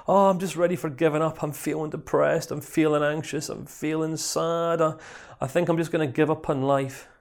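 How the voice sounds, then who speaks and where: A frantic young man trapped in a hole, played by a man. The voice rises high and strained as he pleads. He begs for help again and again, and grows more and more irate. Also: steady tone, normal speed, vocal fry. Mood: pleading desperate.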